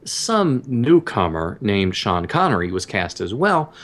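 Low-voiced easygoing male co-host. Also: very animated, measured pace, fairly bright tone. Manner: easygoing, teasing. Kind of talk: casual podcast chat.

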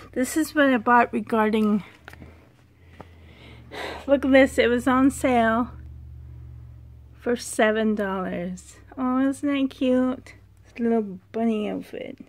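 Slow-talking, excitable woman vlogger. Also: a little high. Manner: excitable, chatty, drops to whispers. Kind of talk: casual vlog chat. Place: dim room at home, indoors. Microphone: handheld camera.

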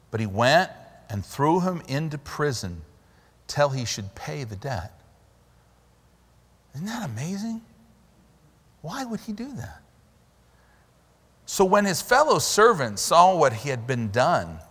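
A man preaching a sermon as pastor, animated and emphatic, in a church sanctuary. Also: on the high side, takes it slowly, long pauses. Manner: animated, emphatic preaching with sudden loud stresses. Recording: long hall reverb in a church.

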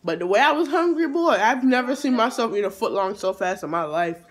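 A man vlogger recounts a story with animated, emphatic delivery. His pitch swings up when he gets exasperated. He speaks with lively energy and plenty of emphasis. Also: brisk. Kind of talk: storytime vlog.

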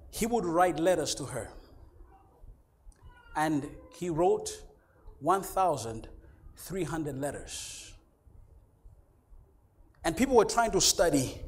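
A man preaches a sermon in a church with a high voice. He swings between loud, shouted lines and low, quiet ones. Along the way he acts out imagined members of the congregation. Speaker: pastor.

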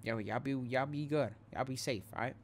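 A man's voice: mid-range voice, a little fast, slight background noise. A young man who hosts a gaming channel, talking straight to his viewers in a rambling, shaken but earnest way as he vents. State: rattled. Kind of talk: casual direct-to-camera vent.

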